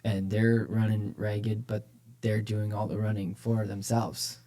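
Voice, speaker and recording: This church leader's voice is on the low side, dark and somewhat slow, with little change in pitch. Co-hosting a church podcast, he speaks about faith casually and with energy, repeating phrases for emphasis.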